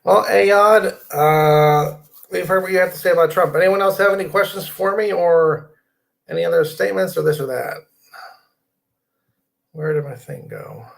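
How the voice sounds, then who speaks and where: A man's voice: high voice, moderate pace, vocal fry. A middle-aged man hosting a casual live stream from his computer desk, rambling, reading viewer comments aloud and inviting people to join.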